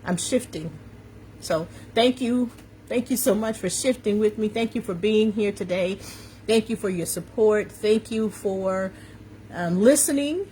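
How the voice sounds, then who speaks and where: Over a phone or webcam on a social media live video, with a bit of hiss or hum, a woman coach gives a motivational talk. Her voice is mellow, medium in pitch, and measured, carrying a slight New York accent, and she preaches with emphasis, repeating key phrases and greeting viewers by name.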